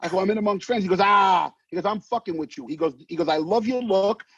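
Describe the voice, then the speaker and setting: Casting: husky, higher-pitched New man, brash animated raconteur, dry dull recording. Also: fast talker, no echo. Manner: animated, swearing, acts out voices in anecdotes. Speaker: actor guest. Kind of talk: casual storytelling interview. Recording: dull muffled sound, dry.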